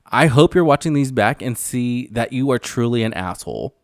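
A man's voice: mid-range voice, expressive, normal speed, no room sound, clean studio sound. A man hosting a casual recap podcast, talking in a blunt, sassy way and swearing freely. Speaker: podcast host.

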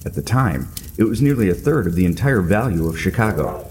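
A man's voice: deep voice, lively intonation, a little fast. A middle-aged man telling a scripted comedic story in a wry, self-mocking way. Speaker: podcast narrator.

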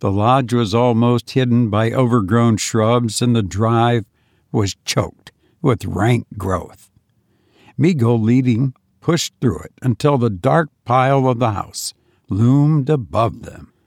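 Slow, measured male storyteller. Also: medium pitch, a little mellow, no echo, studio quality. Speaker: narrator. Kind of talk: scripted narration.

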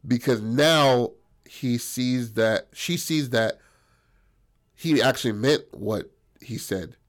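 A man's voice: mid-range voice, slow. A young man casually telling a story, rambling and profane, full of fillers.

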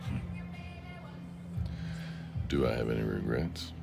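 A man hosting a solo podcast in a rambling, confessional way. He swings between low murmurs and sarcastic outbursts, and he answers listener comments. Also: takes it slowly, vocal fry, loud music behind the voice. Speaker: podcast host.

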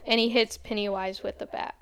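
A woman's voice: mid-range voice, level tone, fairly bright tone, clean tone. A young woman casually retelling a horror movie plot to a friend, quoting the characters as she goes. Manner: fast casual recap, quoting characters in a light voice. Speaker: storyteller retelling a film.

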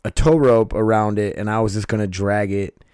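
With a lowish, slightly mellow voice that is clear and resonant yet scratchy and strained, the man hosts his own podcast in a casual late-night monologue. His intonation is fairly even and his pace moderate as he rambles, swears, and interrupts himself. The studio-quality audio has no room sound.

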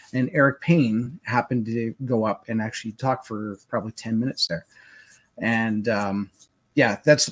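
A male co-host with a mid-pitched voice chats casually, wandering through his points with frequent fillers. His delivery is loose and conversational. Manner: rambling, many fillers. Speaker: podcast co-host. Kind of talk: casual chat.

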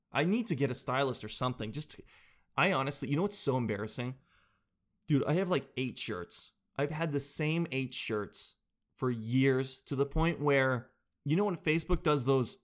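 A man in his thirties telling a self-deprecating comic story in casual chat, with lots of animated quoted voices. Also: medium pitch.

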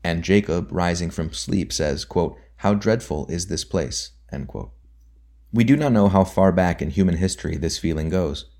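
Very deep-voiced male audiobook reader. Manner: measured, deliberate reading that drops softly on quote markers. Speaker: audiobook narrator. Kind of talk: scripted reading of a nonfiction book.

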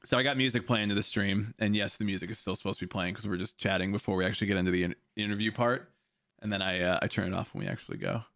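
This is a man with a fairly low voice hosting a casual podcast from a home stream setup. He rambles, laughs often and drops swears. The sound is dry and close. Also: fairly even intonation, very fast, fairly bright tone, dry recording. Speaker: podcast host. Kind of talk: casual chat.

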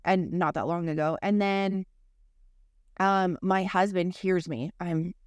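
A woman's voice: lowish voice, steady tone, slow, clean tone, no echo, studio quality. A woman in her thirties co-hosting a podcast, telling a personal story in a candid, profane, conversational way. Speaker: podcast co-host. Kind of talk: casual conversation.

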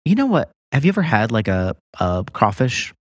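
Lively joking male podcast host. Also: mid-range voice, normal speed, no room sound, studio quality. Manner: joking, teasing, laughs often. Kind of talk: casual podcast chat.

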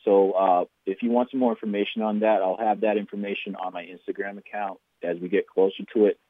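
Deep-voiced man with a thick Boston accent. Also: level tone, fairly quick, dry recording, phone-quality sound. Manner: friendly, eager, with frequent restarts. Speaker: guest, lawn care business owner. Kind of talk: casual interview chat.

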